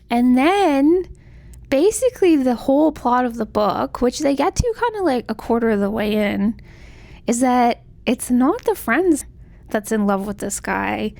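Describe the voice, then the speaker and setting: A woman's voice: fairly high pitch, expressive, a little slow, dark tone. A young woman casually recapping a novel's plot, chatty and full of "like", acting out the characters' lines. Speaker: book vlogger.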